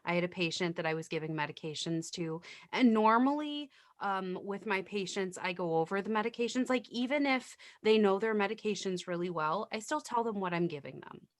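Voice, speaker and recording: A woman's voice: mid-range voice, lively intonation, a little fast, hardly any pauses, no echo, clean studio sound. A woman nurse in casual podcast chat, telling work stories bluntly and swearing freely.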